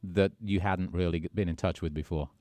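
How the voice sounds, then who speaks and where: A man's voice: sits low, fairly even intonation, fairly quick, warm tone, no room sound. A man hosting a radio interview in a studio, chatty and teasing, with a mock British-Australian accent. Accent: mock British-Australian put-on. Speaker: radio host. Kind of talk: casual interview chat.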